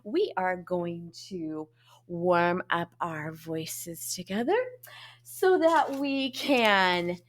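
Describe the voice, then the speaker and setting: A woman music teacher giving a lesson to young children, talking in an animated way and swooping between high and low voices. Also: very slow.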